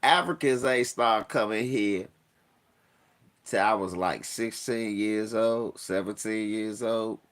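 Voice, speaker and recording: Here the forty-something podcast host has a lowish voice and a slow delivery. His casual stories are profane, punctuated by frequent laughter and lively impressions of the people in them.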